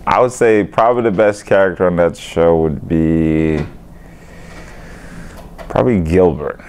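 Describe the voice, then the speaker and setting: A young man with a very low, deep voice talks through an interview at an easy, unhurried clip. He is a fighter, and he rambles casually, dropping "you know" and "man" between thoughts. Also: a little mellow, clear, resonant tone.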